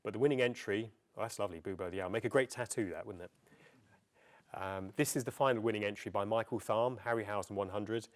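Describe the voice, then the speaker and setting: A middle-aged man presents to a festival audience in a relaxed, anecdotal way, pausing often with ums and uhs. His voice sits a little low. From England. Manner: chatty, anecdotal, with frequent ums. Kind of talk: public talk. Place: festival venue before an audience.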